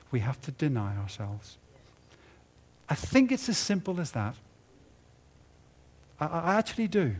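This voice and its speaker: A man preaching a sermon at a conference, building to loud emphatic peaks and dropping low and quiet at the ends of phrases. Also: very animated, measured pace, long pauses. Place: conference hall.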